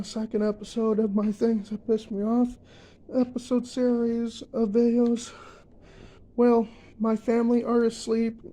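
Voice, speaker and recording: Slow-talking young man with a high voice. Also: mellow, rough recording. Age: young adult. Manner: repetitive, emphatic, fills pauses with uh and um. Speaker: vlogger. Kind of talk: ranting vlog monologue.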